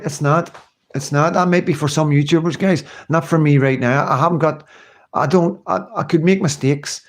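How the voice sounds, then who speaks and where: A man's voice: on the high side, fairly even intonation, moderate pace. Rambling, earnest man streaming live. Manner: rambling, earnest, repeats himself, swears casually; reads out and answers viewer comments. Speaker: livestream host. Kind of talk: casual live-stream chat to viewers.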